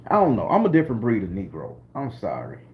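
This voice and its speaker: A man from southern Florida with a Southern American accent, hosting a casual live-stream talk, animated and profane, often breaking into high exclamations. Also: fast, a little hiss or hum. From southern Florida, USA. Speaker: spiritual channel host.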